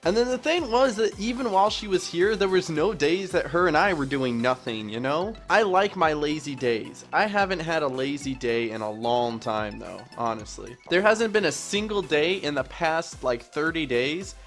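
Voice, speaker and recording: A young man hosts his own Let's Play commentary, joking and rambling at himself. His voice sits a touch high for a man. Faint music plays quietly underneath. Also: lively intonation, normal speed, few pauses. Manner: rambling, jokey and self-mocking. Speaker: gaming YouTuber.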